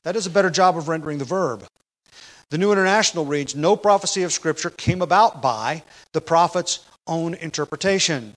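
A man preaching an expository sermon at a measured teaching pace, growing loud and emphatic when he quotes scripture. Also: on the high side, poor audio.

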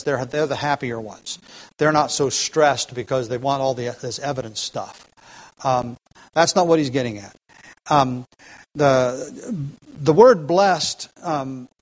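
A man's voice: on the high side, rough recording. A man preaching an expository sermon, earnest and emphatic, restarting phrases and shifting his pace.

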